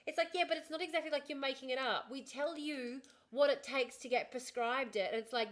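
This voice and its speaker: Chatty woman, slightly high voice. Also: a little fast, hardly any pauses, fairly bright tone. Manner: chatty and frank, talks straight to viewers, swears casually. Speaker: livestreamer. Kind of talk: casual livestream chat. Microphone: desk streaming microphone.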